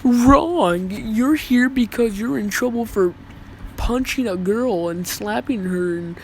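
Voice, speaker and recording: A stern, self-important school principal, as a storyteller puts one on. The delivery is clipped and accusing. The voice sits close to the storyteller's own, only a little higher. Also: male voice, slow, slight background noise, low-quality recording.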